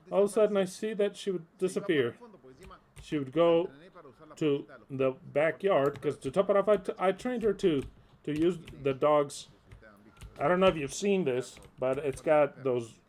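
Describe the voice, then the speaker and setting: A man preaching in an informal way, telling a story in an animated, candid style with coarse words and frequent restarts. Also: a little high, normal speed.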